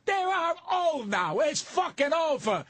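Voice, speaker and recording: An older man, a comedian guest, telling stories in a profane, combative rant with a raspy voice. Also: very high voice, big pitch swings, unhurried, fairly bright tone, no echo. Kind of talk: live podcast storytelling.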